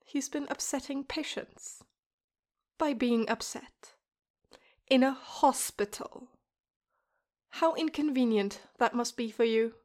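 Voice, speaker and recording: A woman's voice: high-pitched, takes it slowly, pauses often, a little mellow. A woman reading the lines of a tense, defensive young man who answers in clipped, sarcastic retorts.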